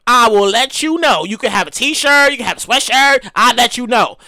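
A woman hosting her own comedy podcast, ranting in a profane and animated way and repeating phrases for comic effect. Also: on the high side, normal speed, no echo. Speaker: podcast host. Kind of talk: solo comedic podcast rant.

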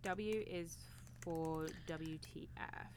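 A woman's voice: deep voice, fairly even intonation, extremely slow, a little mellow, a little hiss or hum. Giggly British woman chatting. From England. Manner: giggly, swearing freely. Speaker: podcast co-host. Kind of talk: casual chat.

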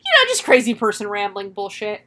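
A woman's voice: mid-range voice, huge pitch swings, fairly quick, sharp tone. A woman hosting a casual podcast chat, retelling a horror film's plot with swearing and laughter. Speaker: podcast host reviewing a horror film.

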